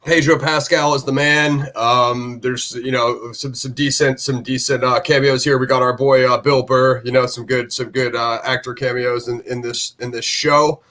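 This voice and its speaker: A man's voice: medium pitch, flat delivery, moderate pace, few pauses, bright, forceful tone. A man hosting a review show in loose, rambling casual chat, full of fillers and restarts.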